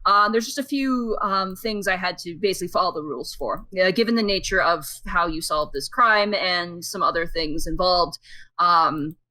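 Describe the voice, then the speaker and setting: A woman's voice: fairly low pitch, normal speed, sharp tone. A woman running a tabletop game as game master, narrating scenes and voicing characters in a chatty way, with many fillers and restarts.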